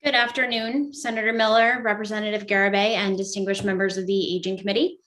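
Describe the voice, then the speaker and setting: A woman's voice: medium pitch, level tone, fast, fairly bright tone, reverberant. A woman giving prepared testimony at a hearing, formal with frequent fillers. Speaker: nursing home recruitment director testifying.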